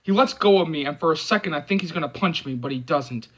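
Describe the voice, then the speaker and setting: Male fan channel host, animated, high voice, bright tone, reading aloud and chatting. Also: fast, few pauses, rough recording. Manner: animated, expressive. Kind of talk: reading a book excerpt aloud, then casual commentary.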